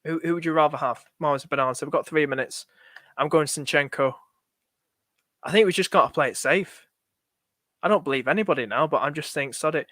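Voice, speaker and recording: A man's voice: on the high side, fairly quick, pauses often, fairly bright tone, no echo, studio quality. A young man on a live stream, thinking aloud in a chatty, anxious way and talking to his viewers. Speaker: fantasy football streamer.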